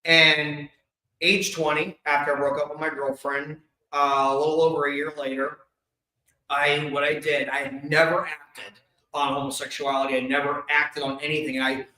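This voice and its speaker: A man with a bright, ringing, fairly high voice tells his own story to an audience. He talks openly and emotionally, with quick bursts of humor. The sound carries the echo of a large event hall. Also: flat delivery. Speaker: speaker sharing his life story. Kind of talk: candid personal storytelling to an audience. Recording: echoey hall.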